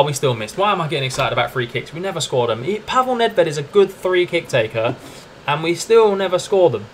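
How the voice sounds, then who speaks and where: A young man streaming a football management game, commenting live in a chatty, excitable way and calling to his viewers as lads and mates. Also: a little high, brisk. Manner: excitable, chatty, keeps addressing "lads" and "mate".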